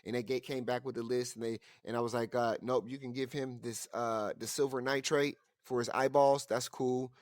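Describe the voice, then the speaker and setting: A man's voice: mid-range voice, flat delivery, normal speed, few pauses, no echo, studio quality. A man co-hosting a casual podcast, telling a heated story full of profanity and acted-out quotes. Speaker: podcast co-host.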